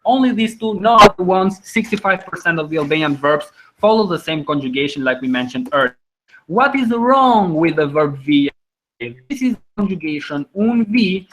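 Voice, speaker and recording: A man's voice: on the high side, a bit bright, low-quality recording. A man teaching a language over a video call, patient and encouraging, explaining step by step. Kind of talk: online class teaching.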